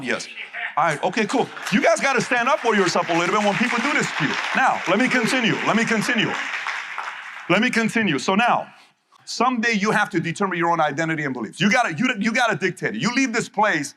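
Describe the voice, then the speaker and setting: A middle-aged man giving a live motivational talk to an audience, emphatic and acting out quick back-and-forth dialogues. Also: on the high side, animated, sharp tone. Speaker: motivational speaker.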